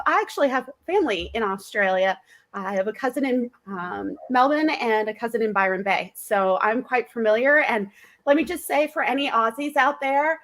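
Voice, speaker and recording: A woman's voice: on the high side, a bit bright. A woman guest author introducing herself in a bubbly, emphatic chat. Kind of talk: casual chat.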